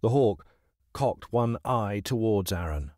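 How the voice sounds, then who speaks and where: A man narrating a dramatized children's audiobook in an expressive, unhurried way. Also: lowish voice, dry recording, clean studio sound.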